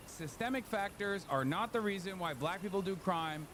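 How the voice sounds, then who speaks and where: A man's voice: high voice, slow, long pauses, slight background noise. A man streaming, reacting to a clip with casual, profane political commentary. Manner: animated, profane, mocking quoted voices.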